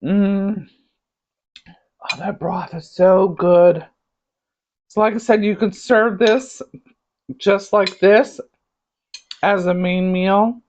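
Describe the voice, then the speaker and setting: Chatty Southern woman cooking at home. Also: medium pitch. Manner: chatty, savoring food with hums. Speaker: cooking channel host. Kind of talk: casual cooking demonstration. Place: home kitchen. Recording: dull lo-fi recording.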